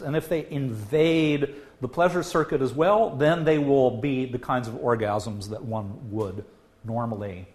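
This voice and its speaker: A man giving a public science lecture as a professor, talking in an animated way with frequent filler "uh". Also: medium pitch. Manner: lively, animated delivery, acts out quoted voices.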